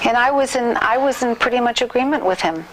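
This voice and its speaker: Halting middle-aged woman telling her story. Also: fairly high pitch, background noise. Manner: halting, repeats words and restarts often; acts out quoted voices animatedly. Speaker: interviewee. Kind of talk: oral history storytelling.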